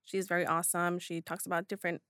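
A woman's voice: lowish voice, level tone, quick pace, fairly bright tone, smooth, dry recording, clean studio sound. A woman co-hosting a podcast in casual chat, giggly and swearing freely. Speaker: podcast co-host.

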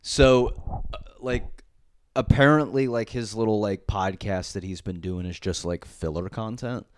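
A lowish, slightly slow male voice belongs to a young podcast co-host chatting casually in a living room on a studio mic. His talk wanders, packed with filler words and regular cursing.

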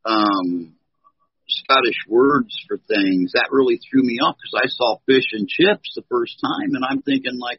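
A middle-aged American man with a husky voice tells a meandering story, stopping often to search for words. His voice comes through dull and lo-fi. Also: mid-range voice, lively intonation, unhurried, no echo. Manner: rambling, hunts for words with many fillers. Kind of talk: casual chat. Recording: dull lo-fi sound.

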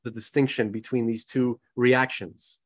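A man in easy podcast talk, circling through restarts and fillers as he works out his point. his voice sits at an ordinary middle pitch for a man. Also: flat delivery, measured pace. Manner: rambling, many restarts and "you know"s. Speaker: podcast co-host. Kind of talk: casual conversation.

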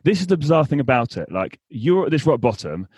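A man's voice: medium pitch, big pitch swings, fast talker, a little mellow, breathy edge, no echo, clean studio sound. A man hosting a podcast interview, blunt and emphatic, swearing freely in casual talk. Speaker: podcast host.

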